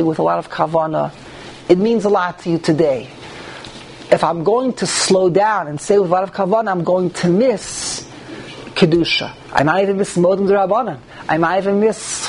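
Male teacher in a small study room, high-pitched, quizzes the room, lots of restarts. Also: darkish tone, slight background noise. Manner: asks the group rhetorical questions and restarts sentences often. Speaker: rabbi teaching a class. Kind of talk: Torah class on prayer law.

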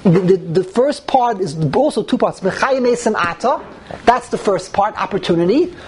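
A woman's voice: mid-range voice, animated, moderate pace, darkish tone, a little hiss or hum, rough recording. A woman teaching a religious text class, explaining step by step and asking herself rhetorical questions.

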